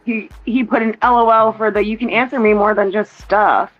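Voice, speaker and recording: A woman's voice: mid-range voice, fairly even intonation, normal speed, dull audio, faint music behind. A woman in casual chat, rambling through a family story and quoting what others said, heard over a phone. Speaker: mother chatting with a relative.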